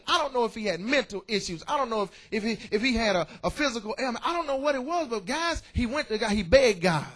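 Preacher, male, high and animated, playful call-and-response sermon style. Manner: lively, joking preaching with call-outs to the congregation. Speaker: pastor. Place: church.

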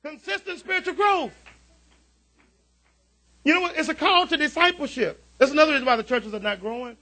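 A man preaching a revival sermon in a church, using call-and-response and breaking into shouts. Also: very high-pitched, animated, racing. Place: church sanctuary.

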